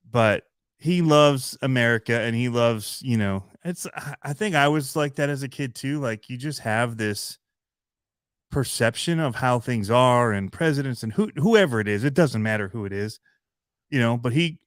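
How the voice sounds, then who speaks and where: A man hosting a hobby channel livestream, chatting in a rambling, relaxed way with lots of fillers and little laughs. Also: mid-range voice, moderate pace, no room sound, clean studio sound. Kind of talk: casual livestream chat.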